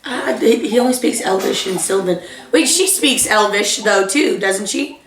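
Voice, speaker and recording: A woman player in a casual tabletop game, joking and talking in a lively way. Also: medium pitch, moderate pace, reverberant, a little hiss or hum, rough recording.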